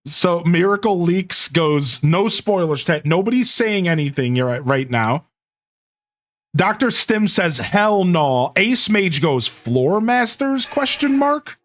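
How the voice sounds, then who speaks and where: Young male streamer, high lively voice, unhurried, faint music behind. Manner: excitable, laughs often, reads chat aloud. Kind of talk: casual gaming commentary.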